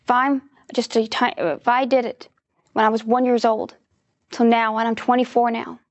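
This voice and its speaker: A woman's voice: a little high, level tone, moderate pace, no echo, dull audio. A woman in her twenties giving an emphatic, determined personal faith testimony. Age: 20s. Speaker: testimony speaker.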